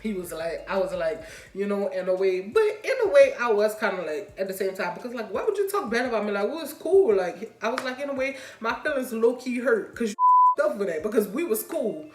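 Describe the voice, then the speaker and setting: A woman's voice: mid-range voice, big pitch swings, a little fast. A woman telling a storytime story on her vlog in a chatty, slangy way, laughing often. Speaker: vlogger. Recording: roomy echo, faint music.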